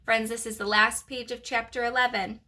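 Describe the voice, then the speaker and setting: A preschool teacher reading a chapter book aloud to her class, animated and expressive. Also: fairly high pitch, normal speed.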